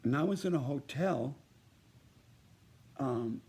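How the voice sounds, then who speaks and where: Gravelly older man spinning a rambling yarn. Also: mid-range voice, animated, slow, warm tone. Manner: rambling, jumps from story to story. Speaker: performer sending a birthday message. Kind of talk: casual anecdote told to one listener.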